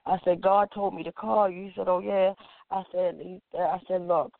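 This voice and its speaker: A woman's voice: lowish voice, normal speed, creaky, dry recording. A woman casually recounting a personal story, animatedly acting out the dialogue of the people in it. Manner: animated, acts out quoted dialogue, frequent "like". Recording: dry, tinny phone-like sound.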